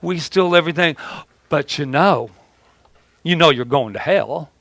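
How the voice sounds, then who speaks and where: A blunt, judgmental older aunt, as a male preacher puts her on in a borrowed regional accent. She talks flatly and matter-of-factly, pitched a little high. The sound is dry and close. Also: measured pace, gravelly, no echo. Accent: a put-on regional accent. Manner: flat, matter-of-fact delivery.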